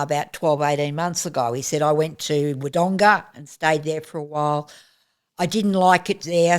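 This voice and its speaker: A woman's voice: low-pitched, clean tone. Chatty older woman telling a story. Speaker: aged care resident. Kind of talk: casual storytelling chat.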